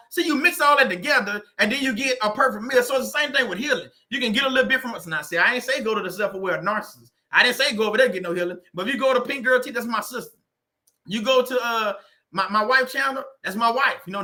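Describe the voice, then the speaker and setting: A man's voice: extremely high pitch, pushed and bright. A man hosting a casual livestream, laughing often and reading viewers' comments aloud. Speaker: livestream host.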